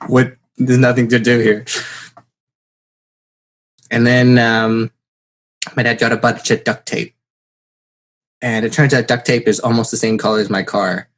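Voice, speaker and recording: Male podcast host, casual, lively storyteller who acts out the people in his stories; mid-range voice. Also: medium pitch, normal speed, long pauses. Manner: animated storyteller, acts out quotes. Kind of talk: casual chat.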